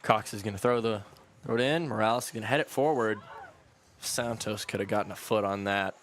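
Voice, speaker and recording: A man's voice: fairly low pitch, brisk, fairly bright tone, slight background noise. Easygoing male soccer commentator. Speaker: color commentator. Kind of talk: live soccer play-by-play.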